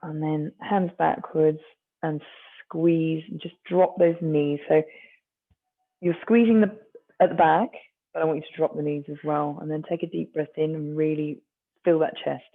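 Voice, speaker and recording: A stretching instructor leads a class in a gentle, encouraging way, with a gravelly edge to the voice. The recording sounds thin and tinny, like a phone line. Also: mid-range voice, fairly even intonation, moderate pace. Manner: gentle, encouraging, with light self-mocking asides.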